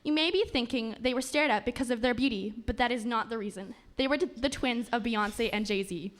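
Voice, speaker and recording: A woman with a slightly high, brisk voice reads a comic fairy tale aloud as narrator, stumbling a little and restarting lines as she goes.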